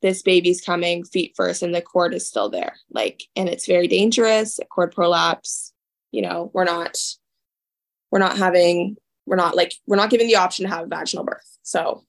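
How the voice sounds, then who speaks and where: A young woman speaks as a podcast guest, telling an emotional story. Her phrases rush and loop back, packed with filler words and quoted asides as she relives each moment. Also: fairly low pitch. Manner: talks in rushed, looping phrases with many "like"s and acted-out quotes.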